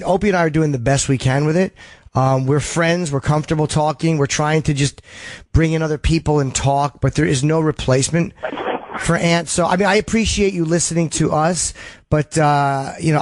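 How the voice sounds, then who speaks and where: A man's voice: on the high side, fairly quick, no room sound. Chatty male radio host, dry sound. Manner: chatty, reads ad copy then talks loosely with callers. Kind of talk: casual call-in talk show. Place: studio.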